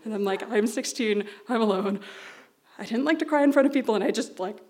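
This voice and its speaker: A woman telling a personal story on stage at a live storytelling event, in an animated, anxious way with quick run-on phrases. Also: a little high. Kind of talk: live storytelling before an audience.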